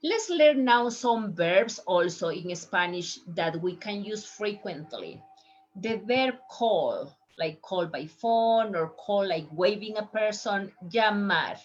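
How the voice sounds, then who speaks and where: A woman teaching Spanish to healthcare workers, saying each word slowly three times for listeners to copy. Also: medium pitch, dull audio. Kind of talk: language lesson for healthcare workers.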